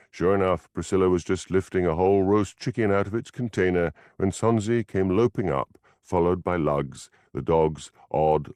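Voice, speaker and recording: A man's voice: low voice, a little mellow, dry recording, clean studio sound. A man reading a mystery audiobook as narrator, telling the story expressively. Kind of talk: scripted narration.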